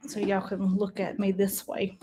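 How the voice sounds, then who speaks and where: A woman hosting a casual livestream, chatting warmly to her viewers and calling them y'all. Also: medium pitch, monotone, moderate pace, breathy edge. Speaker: livestream host.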